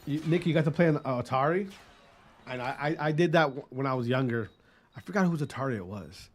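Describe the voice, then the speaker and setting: A man's voice: mid-range voice, animated, fairly quick, a little hiss or hum. A man in his thirties from Wisconsin, a gaming streamer chatting casually and profanely with his live chat, greeting viewers by name. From Wisconsin, US Midwest.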